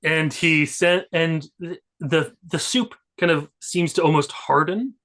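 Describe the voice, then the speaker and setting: A man's voice: a little high, a little slow, fairly bright tone. A man narrating as game master of a tabletop role-playing game, laid-back and joking, with fillers.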